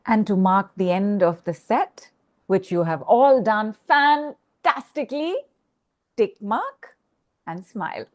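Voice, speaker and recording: A woman coaching a group call, guiding a slow exercise and repeating affirmations. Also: mid-range voice, animated. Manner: slow, repetitive, instructive.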